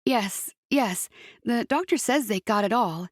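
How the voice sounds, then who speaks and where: A woman voicing a tired young woman recovering from surgery, with weary, quiet replies. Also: on the high side, expressive, measured pace, no room sound, clean studio sound.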